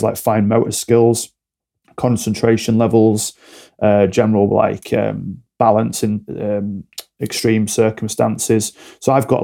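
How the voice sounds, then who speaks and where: Speaking candidly on a podcast, this alcohol-free coach illustrates his points with short acted-out exchanges. His voice is on the low side, gravelly and mellow.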